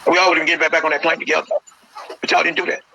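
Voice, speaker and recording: A man's voice: fairly high pitch, level tone, racing, vocal fry, noisy background. A man, a grieving father, speaking with passion and repeating his words in an interview. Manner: impassioned, repeats phrases. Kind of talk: emotional phone interview.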